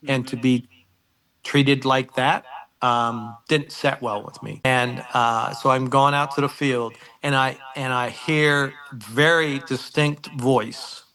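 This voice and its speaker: A man's voice: medium pitch, bright, forceful tone. A man in his sixties, a former football kicker, tells an old story in an interview, rambling with many filler words and acting out old conversations.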